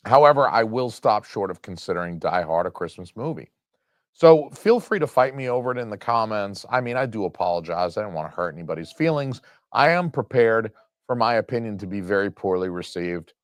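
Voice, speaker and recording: A man's voice: on the low side, no room sound, studio quality. A man giving a casual, profane opinion rant as a movie commentator, mock-preachy and argumentative.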